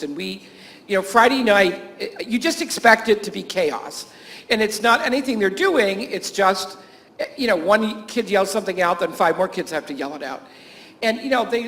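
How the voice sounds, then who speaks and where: A man's voice: sits high, fairly bright tone. A man who teaches and works at a camp, giving a conference talk to health professionals, full of anecdotes, frequent chuckles, fillers and restarts. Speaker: teacher and camp staff speaker.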